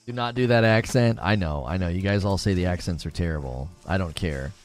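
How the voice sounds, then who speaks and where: A man streaming a game, chatting casually with his viewers, self-mocking and restarting often. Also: sits low. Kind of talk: casual livestream chat while playing.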